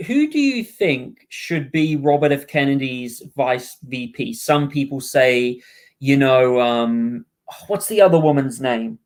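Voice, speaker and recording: A man from Wales hosting a podcast, friendly and a bit halting, often apologizing. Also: medium pitch, animated, a little mellow. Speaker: podcast host. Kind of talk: casual political chat.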